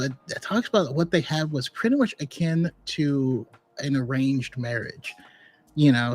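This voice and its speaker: A man with a somewhat high-pitched voice hosts a casual online talk. He speaks in a relaxed, chatty, easygoing way, as if calling in remotely. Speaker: podcast host.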